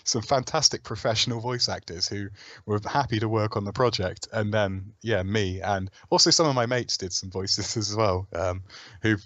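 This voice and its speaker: A man's voice: fairly low pitch, moderate pace, fairly bright tone, dry recording, lo-fi sound. A man with a sore throat from a cold, chatting as a game developer guest in a self-deprecating, hesitant way. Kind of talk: casual interview chat.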